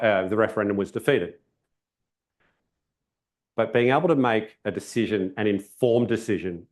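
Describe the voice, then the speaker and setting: A man's voice: fairly low pitch, darkish tone. A man with an Australian accent giving a conversational, emphatic public talk as keynote speaker at an event. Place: event venue.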